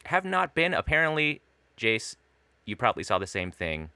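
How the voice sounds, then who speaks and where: A man co-hosting a podcast in casual chat, excitable, swearing and laughing often. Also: medium pitch, normal speed, clear, resonant tone, dry recording. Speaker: podcast co-host.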